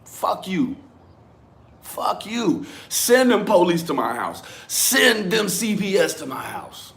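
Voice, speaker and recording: A man's voice: high-pitched, big pitch swings, takes it slowly, vocal fry, fairly bright tone. A young man hosting a livestream, ranting profanely and calling out chat commenters by name. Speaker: livestream host.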